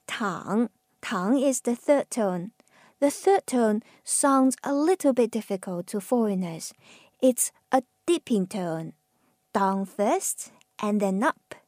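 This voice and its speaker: Slow, mellow-voiced Chinese woman teaching. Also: a little high, no echo, clean studio sound. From China. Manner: patient, drawn-out model words. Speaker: Mandarin teacher. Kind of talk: slow pronunciation lesson.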